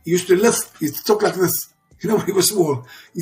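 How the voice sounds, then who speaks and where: With faint music behind him, a sixty-something father of a champion shares emotional stories as an interview guest in conversation. He's emphatic and repetitive, often restarting sentences, and his high-pitched voice is expressive, brisk and a little mellow.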